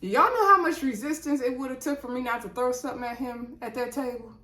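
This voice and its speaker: A woman's voice: sits high, quick pace, pushed and bright. A woman giving a chatty, outspoken review of a reality TV episode on her vlog and talking straight to her viewers. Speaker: reality TV recap YouTuber. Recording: roomy echo.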